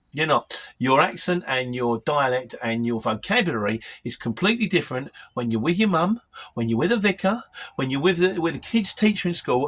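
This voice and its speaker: A man chatting through a casual Q&A with a lively, swooping delivery. His voice sits a little high and sounds bright and forceful, and he rambles from one opinion to the next. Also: a little hiss or hum. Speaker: vlogger answering viewer comments. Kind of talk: casual Q&A chat.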